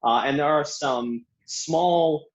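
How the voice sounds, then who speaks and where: A man running a tabletop game, describing the scene at length and pausing on fillers. His mid-pitched voice comes through a dull, lo-fi recording. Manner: descriptive narration with frequent uh fillers. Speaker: game master.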